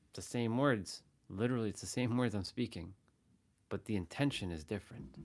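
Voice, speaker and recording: A man's voice: on the low side, a little fast, a little mellow. A man hosting a casual motivational livestream, talking earnestly and repeating phrases as he shows different ways of saying the same words. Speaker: livestream host.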